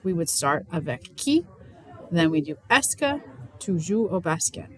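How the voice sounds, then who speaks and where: A woman's voice: lowish voice, big pitch swings, measured pace, low-quality recording. A woman teaching French question words in an upbeat, playful way. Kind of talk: lesson.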